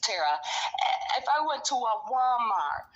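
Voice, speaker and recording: A woman's voice: on the high side, very animated, unhurried, a bit bright. A middle-aged woman telling a rambling, angry story in casual conversation, cursing often. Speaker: storyteller recounting her own experiences. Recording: dull lo-fi recording.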